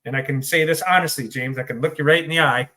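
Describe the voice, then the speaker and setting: A man with a somewhat high-pitched voice talks as an interview guest, blunt and full of swearing. His delivery is hyper and rapid-fire, like candid storytelling. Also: bright, forceful tone. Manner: blunt and profane.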